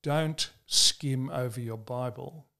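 An earnest man from Australia tells stories and makes his points at a measured pace. He leans on his key words and slows down to stress them. His voice sits at an ordinary middle pitch. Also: creaky, sharp tone. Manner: measured, earnest storytelling with slow emphatic stresses. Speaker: preacher. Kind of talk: interview answers.

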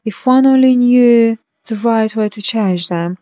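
A polite, earnest young girl from a storybook, as a woman reading aloud puts her on. She speaks slowly and carefully in a soft, mellow voice. The recording sounds dull and lo-fi. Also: fairly high pitch, no echo, lightly acted.

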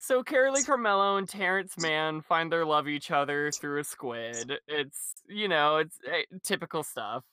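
A man chatting casually on a podcast, wandering through his thoughts with lots of fillers and laughter. His voice is bright and smooth, and the sound is dry and close. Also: a little high, lively intonation, moderate pace, hardly any pauses, dry recording. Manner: rambling, laughs often, many fillers. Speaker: podcast co-host. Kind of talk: casual chat recapping a musical.

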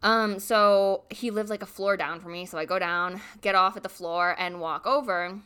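A young woman in her twenties casually telling a dating story, animated and full of "like", acting out the other people's voices. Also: medium pitch, moderate pace, clear, resonant tone. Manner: animated, says "like" constantly, acts out voices.

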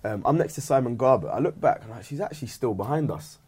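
A young man telling a story among friends, acting out his own thoughts in an animated way. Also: medium pitch, quick pace, slightly rough. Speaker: podcast co-host. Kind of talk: storytelling banter.

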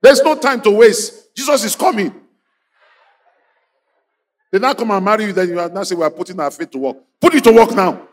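A man preaching a fiery sermon, leading the crowd in call-and-response chants and bursting into shouts. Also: high-pitched, animated, brisk, pauses often. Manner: exhorting, repetitive, bursts into shouts.

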